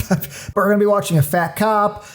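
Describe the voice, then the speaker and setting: A man co-hosting a podcast in casual chat, ranting in an animated way with many restarts. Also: high-pitched, moderate pace. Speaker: podcast co-host.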